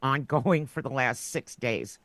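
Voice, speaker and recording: A woman's voice: rumbling low, a little slow, fairly bright tone, no room sound. Rambling, giggly woman guest. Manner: rambling, laughs through her words. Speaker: podcast guest. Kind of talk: casual chat.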